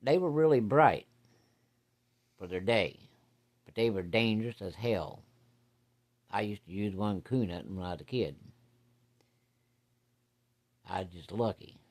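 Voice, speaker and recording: A man's voice: fairly low pitch, expressive, moderate pace, pauses often. A man telling a family story in a casual, folksy way, salty and sprinkled with profanity.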